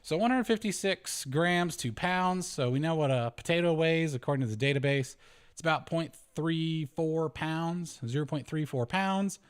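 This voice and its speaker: A man's voice: fairly high pitch, moderate pace, smooth. A man hosting a homesteading channel, talking casually through a spreadsheet as he works out numbers aloud, correcting himself, chuckling, and letting his voice swing up and down.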